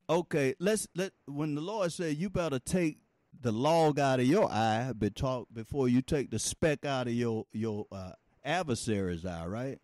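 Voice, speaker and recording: A man preaching an informal sermon in a folksy, animated way, laughing often and talking straight to his listeners. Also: mid-range voice, unhurried, no echo.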